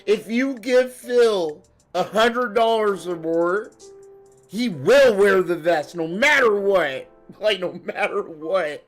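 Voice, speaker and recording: A woman's voice: mid-range voice, lively intonation, slow, soft background music. A woman streaming a live reaction, laughing constantly and riffing in profane slang. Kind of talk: casual live reaction commentary.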